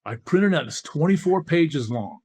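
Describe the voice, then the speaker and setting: Older male guest, animated storyteller, fairly high voice, swings in pitch. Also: moderate pace, breathy edge. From California. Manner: animated storyteller, acts out quoted dialogue. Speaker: guest, former football player. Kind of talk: storytelling in a podcast interview.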